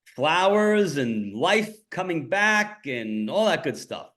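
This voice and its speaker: A man's voice: fairly high pitch, sing-song, slow pace, fairly bright tone. A man co-hosting a podcast, chatting casually with short, dry interjections. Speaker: podcast co-host. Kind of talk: casual chat.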